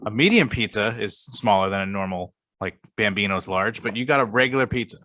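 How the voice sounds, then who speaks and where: A young man with a somewhat low voice talks in a casual podcast conversation. He is blunt and argumentative and swears freely. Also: expressive, fairly quick, sharp tone. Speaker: podcast co-host. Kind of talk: casual chat.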